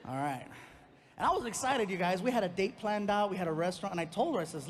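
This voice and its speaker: Brief: a lively male comic telling a family story, high-pitched and expressive. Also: fast, in a large hall, a little hiss or hum. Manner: animated, swings into loud outbursts, lots of character voices. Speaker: stand-up comedian. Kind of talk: stand-up storytelling.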